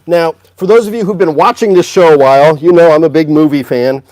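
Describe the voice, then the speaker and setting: A man's voice: on the high side, fairly quick, darkish tone, dry recording. A man hosting a casual music store livestream, upbeat and chatty, greeting viewers by name.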